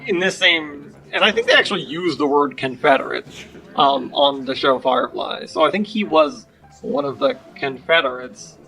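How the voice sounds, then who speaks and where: A man's voice: sits high, wildly swooping pitch, moderate pace, creaky, sharp tone, soft background music, rough recording. A man co-hosting a podcast, chatting casually and rambling with many hedges. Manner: rambling, hedging with fillers. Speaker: podcast co-host. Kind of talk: casual chat.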